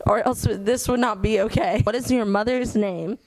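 A woman's voice: medium pitch, fairly even intonation, normal speed, poor audio. Playful young woman chatting with a child. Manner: teasing, laughs often, gentle and patient. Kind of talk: playful casual chat with a child.

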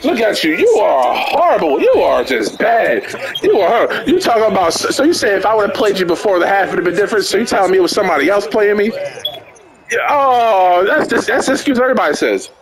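A man's voice: sits high, big pitch swings, brisk. A man playing a football video game, mocking and taunting his opponent in profane casual trash talk. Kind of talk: casual trash talk over a headset chat. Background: video game crowd and commentary.

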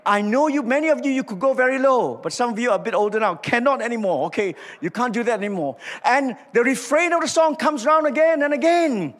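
A man's voice: very high voice, fast, hardly any pauses. An older man with a Malaysian English accent preaching a sermon, acting out dialogue and calling on the congregation to respond. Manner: animated storytelling, acts out dialogue, asks congregation to respond. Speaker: pastor. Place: large church auditorium. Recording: reverberant church hall.

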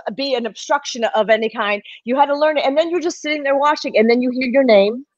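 A woman and former cast member telling an animated story in a reunion video call, full of restarts. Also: high voice, quick pace, no room sound, lo-fi sound.

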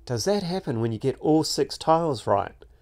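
A man's voice: fairly high pitch, expressive, normal speed, darkish tone, pitched above the performer's own voice. A man voicing a curious, earnest young boy who asks lots of questions, as a storybook narrator. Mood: eager. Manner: eager, questioning, a little cheeky.

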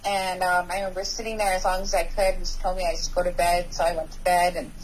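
A woman guest on a recovery podcast, telling her personal story in a halting way, with many pauses and restarts. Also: fairly low pitch, level tone, slight background noise, rough recording.

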